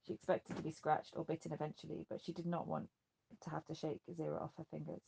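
A woman narrating a novel in an even, measured audiobook reading. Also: sits low, creaky, breathy edge. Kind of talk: scripted narration.

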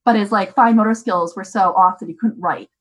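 A young woman talking casually as a parent, chatty and animated with many fillers. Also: medium pitch, fairly quick, low-quality recording. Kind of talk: casual chat.

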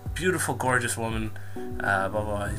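A man voicing an old German neighbor, quoting him slowly in a raised voice with a hint of a thick German accent. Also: fairly low pitch, music in the background, natural voice. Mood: patronizing.

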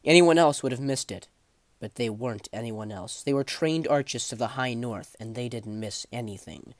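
A man narrating a fantasy novel chapter in a measured, dramatic storytelling manner. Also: mid-range voice, no room sound. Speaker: audiobook narrator.

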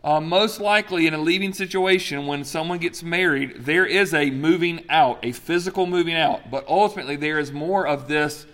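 Conversational male pastor, slightly high voice. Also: moderate pace, few pauses. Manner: conversational, checks in with "okay?" and "folks"; animated storyteller. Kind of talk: sermon.

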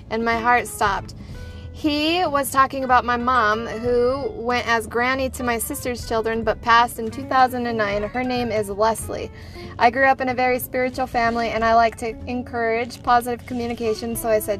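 A woman's voice: fairly high pitch, normal speed, faint music behind. Chatty woman reading a listener story. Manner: animated storyteller, laughs and breaks into giggles. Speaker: podcast co-host. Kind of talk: casual podcast chat, reading a listener story.

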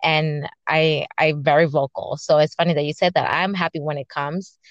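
Candid, chatty woman host, low voice, dry and slightly lo-fi. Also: normal speed, dry recording. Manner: candid, chatty, animated storytelling. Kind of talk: casual podcast conversation. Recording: slightly dull lo-fi audio.

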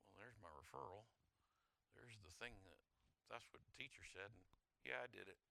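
A middle-aged man preaching a sermon, telling a personal story, swinging from loud storytelling to hushed intensity. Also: fairly low pitch, normal speed, creaky. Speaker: pastor.

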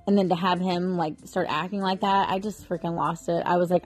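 Speaking fairly quickly in a steady, fairly low voice, this thirtysomething mom vlogger chats to the camera from her bed at home. She rambles, leans heavily on "like" and "you know," and comes across as mentally worn out. There's soft background music.

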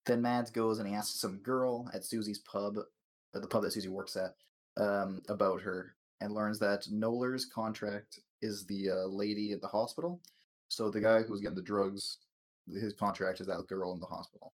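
A man's voice: on the low side, fairly even intonation, moderate pace. A man hosting a casual chat, rambling and swearing through a TV episode recap, stumbling over words and laughing.

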